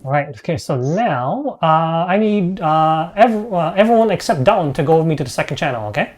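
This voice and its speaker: A man's voice: a little high, animated, brisk. A man running a streamed tabletop game as game master, talking casually with lots of fillers and hesitations.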